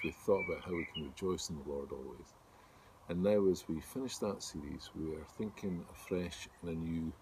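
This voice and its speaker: A man preaches from home in a friendly, chatty way, growing more animated when he tells a story. His voice sits low and deep. A faint noise runs under the recording. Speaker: pastor. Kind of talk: sermon with a told joke. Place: home during lockdown.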